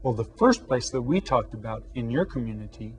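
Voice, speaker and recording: A man teaching children an elementary Spanish lesson, patient and questioning, drawing out each new word slowly and asking the class to repeat. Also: medium pitch, animated. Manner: asks questions and pauses for answers.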